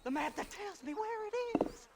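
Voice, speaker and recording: An actor playing a half-mad older male grave robber in a video game, gravelly and manic, with sudden swings in tone. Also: very high-pitched, lively intonation, normal speed, very noisy, heavily acted. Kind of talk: video game cutscene acting. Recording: game audio with loud insect ambience.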